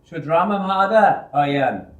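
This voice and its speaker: A man's voice: on the high side, lively intonation, unhurried, phone-quality sound, voice pushed up. A man reading aloud, voicing a mocking male foundry worker who taunts a new boy, recorded with roomy echo.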